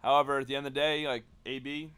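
A young man co-hosting a casual sports podcast, arguing his points quickly and correcting himself as he goes. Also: mid-range voice, little pitch movement, fairly bright tone, smooth. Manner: fast, argumentative, self-correcting. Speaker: podcast co-host. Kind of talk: casual chat.

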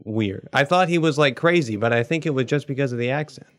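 A man's voice: mid-range voice, animated, fast. A young man co-hosting a podcast, telling a story in a rambling, hesitant way full of fillers. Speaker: podcast co-host. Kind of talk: casual chat.

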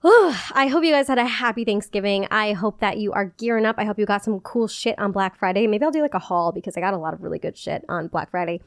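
A woman podcast host chatting casually on her own, filler words tumbling out as she talks, with little laughs in between. Her voice sits at an ordinary pitch for a woman. The recording is close and dry, with no room sound. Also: clean tone, no echo. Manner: chatty, peppered with "like", quick bursts and giggles. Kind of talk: casual solo podcast chat.

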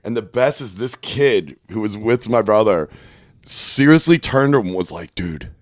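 A man's voice: on the low side, expressive, measured pace, dry recording. Rambling crude male storyteller, dry sound. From Delaware County, Pennsylvania. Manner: rambling, crude, laughs through his stories. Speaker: podcast co-host. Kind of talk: casual storytelling chat.

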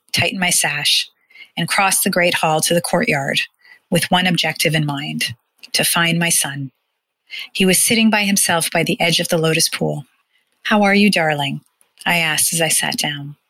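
A woman narrating a first-person story in a tender, measured, hushed way. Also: lowish voice, dry recording, poor audio.

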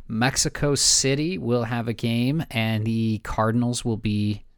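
A man's voice: mid-range voice, fairly even intonation, a little slow, smooth, no echo, clean studio sound. A man co-hosting a casual sports podcast, easygoing and often repeating words as he thinks aloud. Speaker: podcast co-host.

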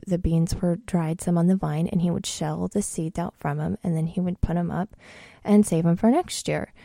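A woman's voice: lowish voice, creaky, warm tone, dry recording, clean studio sound. A middle-aged woman from Washington State, telling a homey, rambling story as a home gardener, with many fillers and restarts. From Washington State, USA. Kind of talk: casual storytelling monologue.

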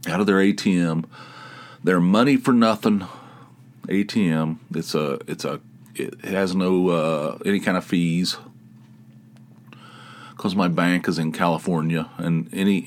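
A man hosting his own podcast, telling rambling, animated stories in casual chat and laughing at them. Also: sits low. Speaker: podcast host. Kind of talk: casual solo storytelling.

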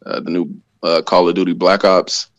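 Laid-back wrestler guy on a podcast, low voice, dry sound, chuckles a lot. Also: flat delivery, normal speed, no room sound, lo-fi sound. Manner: laid-back, easygoing, laughs often. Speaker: guest, pro wrestler. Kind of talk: casual chat.

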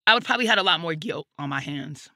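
A woman's voice: sits low, expressive, fast talker, pushed and bright, no room sound, clean studio sound. A woman, a guest comedian, speaking frankly and reflectively in an interview, with plenty of "like" and "you know" and casual swearing. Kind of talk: candid personal storytelling in an interview.

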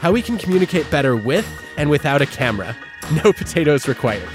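A man hosting a podcast, delivering scripted narration with a lively, measured manner. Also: fairly high pitch, over music. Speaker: podcast host.

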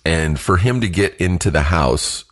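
A man telling a personal story in a casual, halting way, laughing between phrases and sniffly from allergies. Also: low voice, expressive, fairly bright tone.

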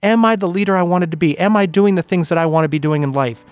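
A man's voice: sits high, fast. A man hosting a podcast, giving an emphatic motivational talk full of rhetorical questions. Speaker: podcast host and speaker.

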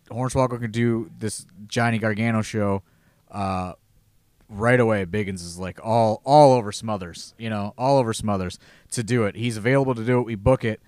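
A man in his thirties co-hosting a casual podcast, telling a profane, animated backstage story. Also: on the low side, dry recording. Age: 30s. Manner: profane, animated, voices others in quotes. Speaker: podcast co-host, promoter.

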